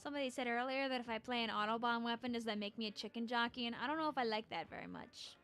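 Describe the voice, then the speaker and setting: A high, bright-voiced woman chats casually with her viewers while streaming a game. She is playful and bubbly, tossing in goofy sound effects between remarks. Soft game music plays faintly behind her. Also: racing. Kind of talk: casual live-stream chat while gaming.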